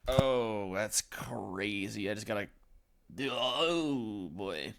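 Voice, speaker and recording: A man co-hosting a casual reaction chat, excitable and slangy with plenty of fillers. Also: on the low side, extremely slow. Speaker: co-host.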